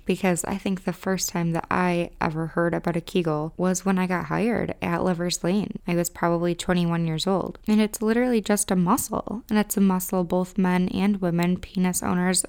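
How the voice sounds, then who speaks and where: A woman's voice: fairly low pitch, gravelly, darkish tone, clear, resonant tone. A young woman in her twenties with a Midwestern accent, hosting a podcast and chatting frankly with lots of "like" fillers. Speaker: podcast host and romance specialist. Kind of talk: casual podcast monologue.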